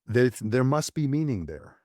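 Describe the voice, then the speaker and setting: A man, a psychologist, speaking as a guest in a thoughtful, measured way, with an occasional soft laugh. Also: mid-range voice, big pitch swings, dry recording, studio quality. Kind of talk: conversational interview.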